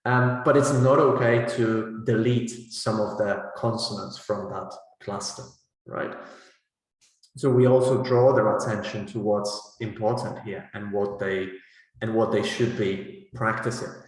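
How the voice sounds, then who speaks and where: A man's voice: lowish voice, steady tone, measured pace. A man giving a teacher-training talk on pronunciation, explaining step by step and checking in with "right?" and "you know". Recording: very echoey large hall.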